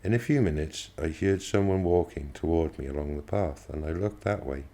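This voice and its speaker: A man reading a first-person novel aloud as an audiobook, in a steady, measured manner. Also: very deep voice. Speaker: audiobook reader.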